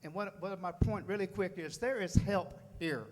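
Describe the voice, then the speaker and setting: A man's voice: high voice, normal speed. A man giving a folksy, fired-up motivational speech to a room at a sales meeting, repeating phrases for emphasis. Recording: long hall reverb.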